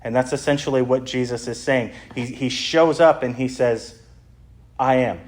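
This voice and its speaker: A man's voice: mid-range voice, normal speed, a little mellow. Conversational man teaching a sermon. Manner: conversational, explanatory, frequent "uh" fillers. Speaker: pastor.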